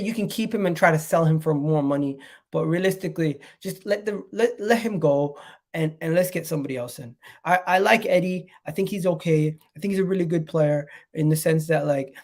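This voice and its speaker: Man, nasal from a cold, slightly high voice, rambling live-stream host. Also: darkish tone. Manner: chatty, rambling, addresses viewers directly. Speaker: football channel host. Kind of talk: casual live-stream chat.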